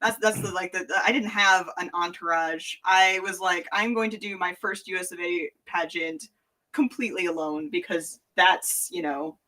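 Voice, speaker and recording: A woman with a Tennessee accent telling an animated, laughing story as a guest, swearing and voicing the people she quotes. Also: lowish voice, far from the mic. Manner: laughing, swearing, quick anecdote with voiced quotes. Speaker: guest entertainer. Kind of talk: animated storytelling in casual chat.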